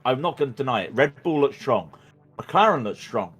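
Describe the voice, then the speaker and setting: A man's voice: mid-range voice, big pitch swings, normal speed, a bit bright, husky. Rambling, stammering male race commentator. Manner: rambling, stammering restarts, jokey. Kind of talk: casual commentary chat.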